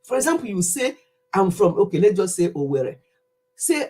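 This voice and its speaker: Nigerian woman in her 50s, husky and breathy, casual animated vlogger monologue, average pitch. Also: fairly quick. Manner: chatty, animated, laughs easily, wide swings in pitch.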